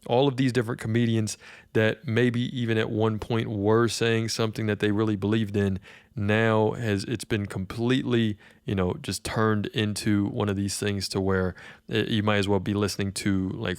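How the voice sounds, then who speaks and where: Brief: low-voiced, smooth-toned male commentary host, rambling delivery, dry sound. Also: flat delivery, moderate pace, dry recording. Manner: rambling, with many fillers and restarts. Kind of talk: reaction commentary.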